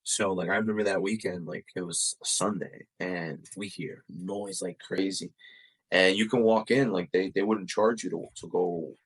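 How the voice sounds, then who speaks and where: Young male podcast guest, low raspy voice, loose rambling storyteller full of fillers. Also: steady tone, normal speed, low-quality recording. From Uruguay and the United States. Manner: fills speech with "like" and "you know". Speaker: podcast guest, soccer player. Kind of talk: casual storytelling interview.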